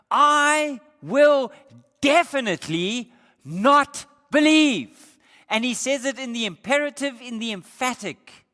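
A male pastor preaching an emphatic sermon, slowing down to stress key points. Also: sits high, bright, forceful tone. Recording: echoey hall.

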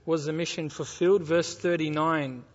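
A man's voice: on the high side, fairly even intonation, normal speed, big-room sound, highs cut off. A man preaching a sermon, reading scripture aloud and asking the congregation rhetorical questions.

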